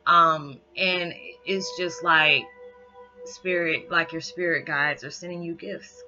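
A woman giving a heartfelt spiritual message, close to tears, speaking haltingly and filling pauses with "you know". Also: low voice, steady tone, sharp tone. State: holding back tears. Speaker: spiritual reader. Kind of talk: emotional spiritual message vlog. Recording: dull lo-fi sound with music behind. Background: background music.

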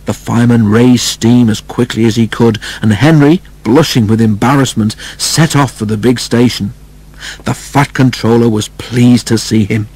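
Husky guy reading a kids train story, steady and even. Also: mid-range voice, moderate pace, poor audio. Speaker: narrator. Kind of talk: storybook read-aloud.

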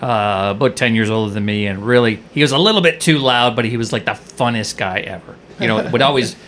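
A man's voice: mid-range voice, fairly quick, a bit bright, slight background noise. A man, a podcast guest, telling a story in casual chat, laughing as he rambles with restarts.

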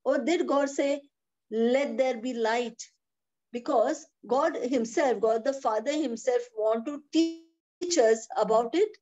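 Woman, Bible teacher on a video call; high, insistent, repetitive, lo-fi sound. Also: slow pace, dark tone. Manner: emphatic, repeats phrases, asks rhetorical questions. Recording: dull lo-fi video call audio.

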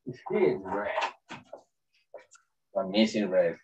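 A man gives a slow, halting spiritual talk in a second language, often pausing to hunt for a word and chuckling between thoughts. He sounds distant from the mic, and the call audio is muffled and lo-fi. His voice sits at an ordinary pitch for a man. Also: sing-song, background noise. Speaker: spiritual teacher.

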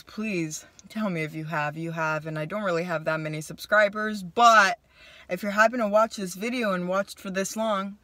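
A young woman vlogger telling a casual story to the camera, chatty and animated, acting out what people said. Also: on the low side, no room sound. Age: young adult. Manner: animated, chatty, voices her own quotes. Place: car.

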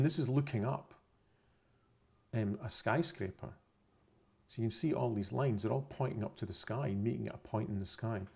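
A man's voice: fairly low pitch, vocal fry, a little mellow, husky. A man explaining a science topic over pictures, unscripted, methodical and repetitive, often correcting himself mid-phrase. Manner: methodical, repeats points, self-corrections.

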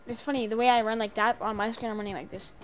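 Young woman, streamer, casual game chat, swearing, yelling bursts, slightly high pitch. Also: steady tone, fast, clear, resonant tone. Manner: swearing, yells in panic, then mutters.

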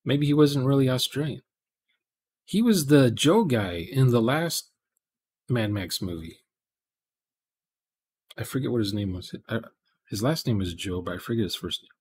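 A man's voice: medium pitch, lively intonation, moderate pace, pauses often, darkish tone, breathy edge. A man, casually chatting with viewers during a live programming stream, rambling and thinking aloud.

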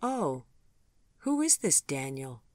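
Tender, refined gentleman, read by the narrator, soft and courtly, mid-pitched and dry. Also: big pitch swings, slow pace, dry recording. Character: gentle, refined older gentleman who loves elegance.

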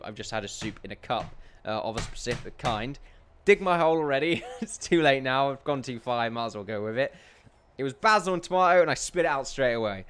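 A man giving rambling gameplay commentary, chatty and self-amused, who often laughs and calls his viewers ladies and gentlemen. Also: mid-range voice. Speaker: let's play commentator.

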